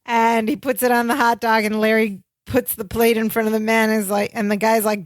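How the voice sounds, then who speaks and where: A woman's voice: fairly high pitch, fairly quick, no echo. Woman animatedly retelling a sitcom scene. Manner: animated retelling, acts out quotes. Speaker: podcast co-host. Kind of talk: casual recap chat.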